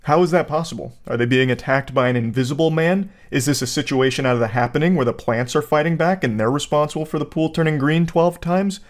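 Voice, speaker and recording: A man's voice: on the high side, fast talker, few pauses. A man hosting a casual video commentary, rambling through jokes and mock-serious asides. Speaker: commentary host. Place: Florida home.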